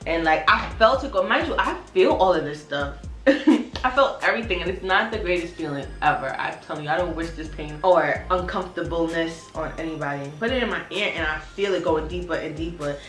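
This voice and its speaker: A woman's voice: fairly low pitch, brisk, fairly bright tone. A young woman from Brooklyn tells a casual storytime, blunt and swearing freely. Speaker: vlogger. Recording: roomy sound with faint music.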